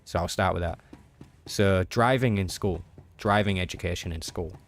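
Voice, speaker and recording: A man's voice: low voice, moderate pace, faint music behind. An English man streaming a game, chatting casually and answering his chat aloud in an easygoing way.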